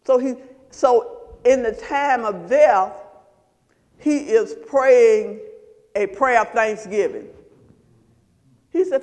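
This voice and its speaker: High-voiced preacher in a reverberant hall. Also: male voice, animated, takes it slowly, pauses often, darkish tone. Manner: call-and-response preaching, quizzing the congregation. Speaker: pastor. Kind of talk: sermon.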